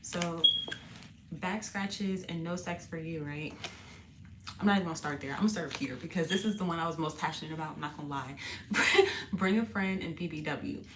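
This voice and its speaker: A woman hosting a casual tarot reading video, chatty and slangy, laughing often and sounding a bit parched and husky. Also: sits low, normal speed, heavy background noise. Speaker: tarot reader and channel host. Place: indoors, sitting on the floor.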